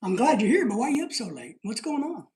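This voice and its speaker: A man's voice: very high voice, very animated, fast talker, a little mellow. Man, middle-aged, live stream host, casual rambling chat, jokey, laughs often, roomy echo.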